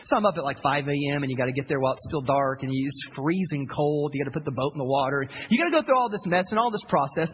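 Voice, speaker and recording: A high-pitched man preaches as a pastor in a church, animated and chatty, often repeating himself as he tells a story. His voice carries a long hall reverb, and the sound is dull with faint noise behind it. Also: racing, hardly any pauses. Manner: animated, repeats words, quotes people in character. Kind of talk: sermon with storytelling.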